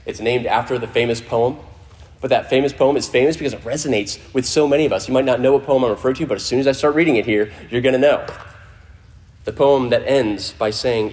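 Conversational preaching man, mid-pitched. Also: fast. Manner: conversational preaching with restarts, sudden quiet drops for emphasis. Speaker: pastor. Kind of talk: sermon. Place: church in front of a congregation.

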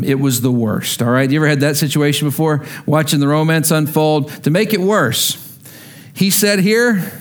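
Guy preaching, fairly high voice, chatty storytelling that turns emphatic, keeps asking the crowd questions. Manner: conversational, asks the congregation questions, grows emphatic. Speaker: pastor. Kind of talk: sermon with storytelling.

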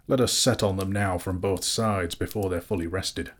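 A man's voice: deep voice, steady tone, normal speed, slight background noise, close to an everyday voice. A man voicing a bold, scornful bowman leader in an audiobook, confident and a little raised. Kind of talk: audiobook character voice.

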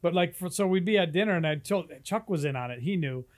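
A man with a somewhat high voice talks loosely on a podcast, dropping curses and laughing through his stories. His delivery is easygoing. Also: lively intonation, quick pace. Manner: laid-back, swears a lot, laughs often. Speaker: podcast co-host. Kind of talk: casual crude chat.

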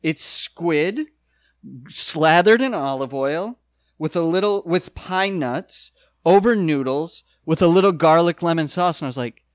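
Male podcast co-host, lively recapper, slightly high voice, dry close recording. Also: measured pace, no echo. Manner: animated, quotes characters, restarts often. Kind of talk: casual chat recapping a sitcom episode.

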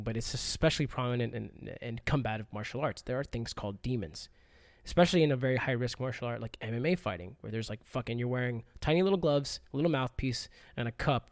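Man, podcast guest, mid-pitch, dry close sound, profane and animated storyteller. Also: no room sound. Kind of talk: casual podcast chat.

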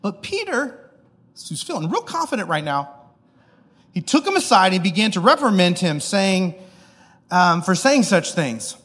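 A man's voice: high voice, sing-song, measured pace, long pauses, a bit bright, slightly rough, long reverb tail. A man pastor giving a casual, joking sermon, often checking in with the audience. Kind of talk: conversational sermon.

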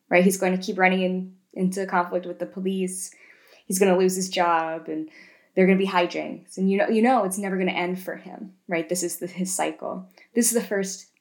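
A woman co-hosting a casual podcast, retelling film scenes in an animated way and tagging lots of questions. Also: on the low side. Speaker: podcast co-host.

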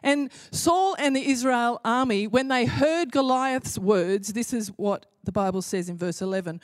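A woman's voice: a little high, measured pace, hardly any pauses, no echo, clean studio sound. A woman preaching a sermon in an impassioned way, building to emphatic repeated phrases.

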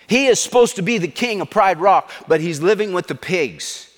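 A man's voice: high-pitched, expressive, moderate pace, fairly bright tone, long reverb tail. A middle-aged man, a pastor, preaching a sermon with emphatic, repetitive delivery.

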